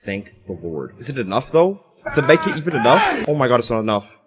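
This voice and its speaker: A man's voice: mid-range voice, huge pitch swings, quick pace, slight background noise. A young man casually commentating his own gameplay, teasing other players and laughing often. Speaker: gameplay streamer.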